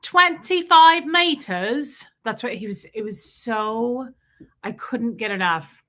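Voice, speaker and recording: A woman hosts a casual livestream, greeting viewers by name and drifting into chatty asides. Her mid-range voice is a bit bright, with fairly even intonation and a measured pace.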